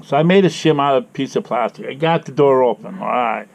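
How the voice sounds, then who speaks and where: A man's voice: medium pitch, a little fast, gravelly. A man with a head cold, ranting angrily and swearing while he tells a bad day, repeating himself. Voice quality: congested. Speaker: vlogger. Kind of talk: ranting personal vlog. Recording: dull lo-fi sound with faint noise.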